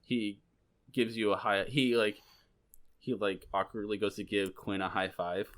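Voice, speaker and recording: Slow-talking male game master. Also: lowish voice. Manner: relaxed, rambling with fillers. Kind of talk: narrating a tabletop game.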